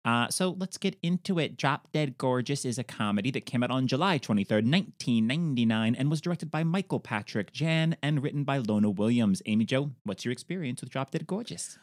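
A man's voice: medium pitch, animated, a little fast, hardly any pauses, dry recording, clean studio sound. A man hosting a podcast, upbeat, laughing often and tripping over his words. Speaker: podcast host. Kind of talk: casual chat.

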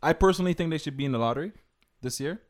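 A man co-hosting a podcast, calm and even-tempered in casual chat. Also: a little high, rapid-fire. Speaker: podcast co-host.

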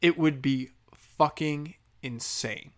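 This speaker rants in a sarcastic, foul-mouthed comedic style. The pitch is in a middle range, and the voice jumps up high and loud for emphasis before dropping into low mutters. It sounds like an improvised solo monologue. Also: slow pace. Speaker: solo commentator. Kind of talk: profane comedic rant.

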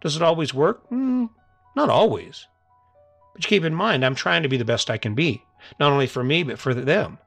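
A man's voice: a little high, expressive, normal speed, gravelly, fairly bright tone, no echo, soft background music. Earnest middle-aged man, dry close mic. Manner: earnest, coaxing, repeats challenges. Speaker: podcast host. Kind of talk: motivational monologue.

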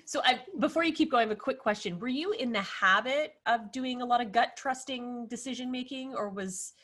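A woman's voice: a little high, brisk, a bit bright. A woman hosting a podcast, listening attentively and asking thoughtful questions. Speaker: podcast host. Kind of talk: interview conversation.

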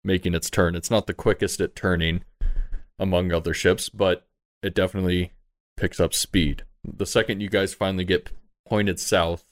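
A man's voice: deep voice, little pitch movement, moderate pace, no echo, clean studio sound. A man running a tabletop game as game master, narrating in a loose, casual way.

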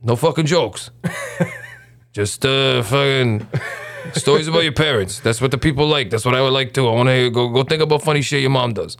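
A man doing a gruff, blunt comedy club owner. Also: mid-range voice, a little fast, a bit bright, lightly acted. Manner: crude, swearing, plain-spoken.

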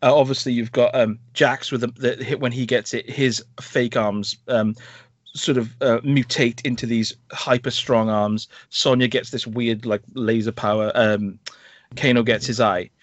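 Brief: male podcast host, animated and sarcastic film review, dry dull mic. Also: mid-range voice, unhurried, no room sound. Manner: animated, rambling, sarcastic asides. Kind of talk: casual film review chat.

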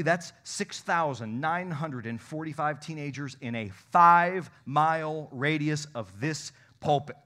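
A man's voice: a little high, a bit bright. Emphatic male pastor preaching. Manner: emphatic, preaching with rising bursts of intensity. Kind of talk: sermon. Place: church sanctuary.

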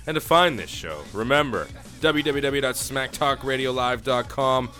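Bright-voiced man hosting a podcast. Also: mid-range voice, normal speed, soft background music. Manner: laid-back, plugs the show like an announcer. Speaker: podcast co-host. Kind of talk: casual wrestling podcast chat.

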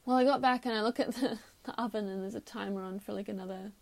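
Woman with a gravelly, fry-laden voice. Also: mid-range voice, fairly even intonation, fast talker, darkish tone. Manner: candid, reflective, laughs at herself. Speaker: podcast host. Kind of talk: personal storytelling monologue.

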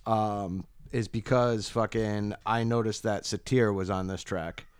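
Laid-back low-voiced podcast man. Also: steady tone, unhurried, clean tone, no echo. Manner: laid-back, casual swearing. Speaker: podcast co-host. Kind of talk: casual chat.

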